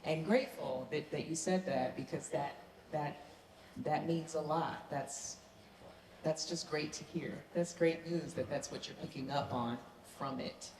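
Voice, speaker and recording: A woman from the American South speaks with a low, deep voice, answering fan questions eagerly and earnestly. The sound rings around a big convention hall with a long echo and a faint hiss. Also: a little mellow. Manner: enthusiastic, earnest. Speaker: actor guest on a convention panel. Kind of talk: panel Q&A answers.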